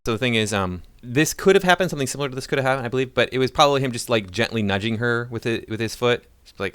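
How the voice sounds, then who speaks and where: A man's voice: mid-range voice, very fast, hardly any pauses, fairly bright tone, clean tone, no echo. A man ranting in sarcastic, mocking political commentary.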